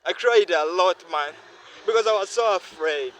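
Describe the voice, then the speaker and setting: A man's voice: sits high, normal speed, a bit bright, poor audio. A weary young man pouring out his feelings in a heartfelt, repetitive personal vlog monologue. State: weary, worn down. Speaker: vlogger.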